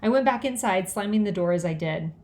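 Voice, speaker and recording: A woman reading a children's book aloud in a lively, expressive way. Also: mid-range voice, brisk. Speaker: audiobook reader.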